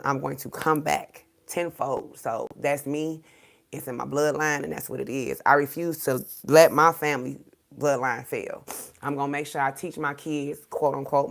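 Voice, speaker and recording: Grieving woman host, low gravelly voice, halting and close to tears, talking to viewers. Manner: halting, many ums, swears, faith talk. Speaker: livestream host. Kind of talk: grieving livestream talk, reading comments.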